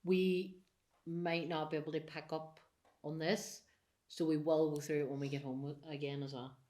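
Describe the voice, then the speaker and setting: Low-voiced woman, hushed and nervous. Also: little pitch movement, normal speed, slight background noise. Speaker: paranormal investigator. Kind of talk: casual ghost-hunt chat. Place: old castle room at night.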